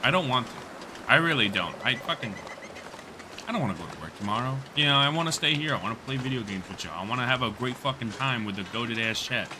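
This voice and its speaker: A man's voice: mid-range voice, lively intonation, quick pace, noisy background. Profane man chatting on a game stream. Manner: loose, profane, laughing banter with chat. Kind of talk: casual gaming livestream chat.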